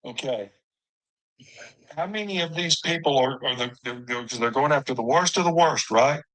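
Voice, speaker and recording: Pressing man with a bright voice. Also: medium pitch, rough recording. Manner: pressing, halting questions. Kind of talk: heated online debate.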